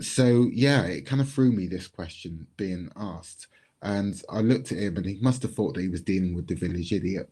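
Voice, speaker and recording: A man tells a personal story in a low, mellow voice. He speaks in a measured, reflective way and leaves pauses between thoughts. His tone is warm and relaxed. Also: slightly rough. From Bristol, England. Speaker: community speaker.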